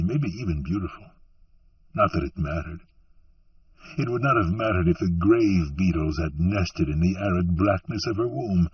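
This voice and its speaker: Measured male audiobook narrator, slow and dramatic; dry sound, dull and recorded from afar. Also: on the low side, breathy edge, no room sound, recorded from a distance.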